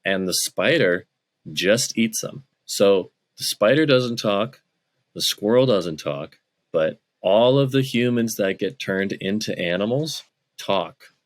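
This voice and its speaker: A man's voice: fairly low pitch, lively intonation, slow pace. A man co-hosting a podcast, explaining film details point by point in casual chat. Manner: explanatory, lays out points in order. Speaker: podcast co-host. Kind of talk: casual movie review chat.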